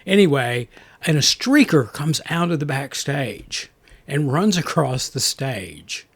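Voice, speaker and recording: A man's voice: fairly high pitch, very animated, slow pace, fairly bright tone, husky. A man co-hosting a movie review podcast, talking in a rambling casual way with lots of restarts. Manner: rambling, many restarts and fillers. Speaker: podcast co-host.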